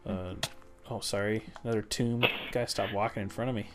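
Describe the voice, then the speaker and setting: A man's voice: fairly low pitch, steady tone, a little fast. A man hosting a gameplay video, chatting casually and explaining his building to viewers with plenty of fillers. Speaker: gaming video host.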